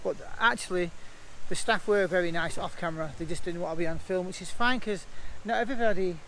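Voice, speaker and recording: A man's voice: high voice, low-quality recording. A man chatting and joking on a walking vlog, filmed on an action camera outdoors. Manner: jokey, self-mocking, repeats phrases. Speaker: vlogger. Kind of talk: casual chat. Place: outdoors by a river weir and inside a mill museum. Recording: loud rushing water noise.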